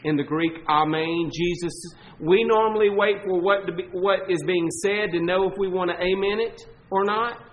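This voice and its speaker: A man with a Southern US accent preaching a sermon as pastor, emphatic, stretching key words and swinging between loud and soft. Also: high voice, fairly even intonation, highs cut off, a little hiss or hum. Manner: emphatic preaching, swelling and dropping in volume, slow stressed words.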